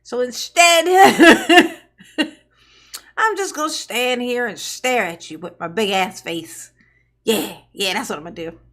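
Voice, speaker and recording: A woman's voice: on the high side, slow, a bit bright. A woman giving casual live-stream reaction commentary, sarcastic and mocking, often laughing.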